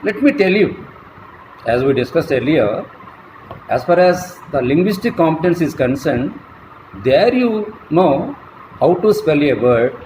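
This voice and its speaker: A man giving a slow, deliberate classroom lecture as a college lecturer, spelling words out letter by letter. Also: on the high side, very animated, a little mellow. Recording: echoey room, faint traffic noise.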